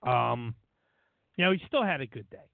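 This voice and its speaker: A man's voice: mid-range voice, lively intonation, moderate pace, creaky, no echo. A man co-hosting a casual sports chat, arguing his opinions with lots of "you know". The sound is dry with no room, and squeezed thin like a phone call. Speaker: podcast co-host. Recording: dry, tinny phone-like audio.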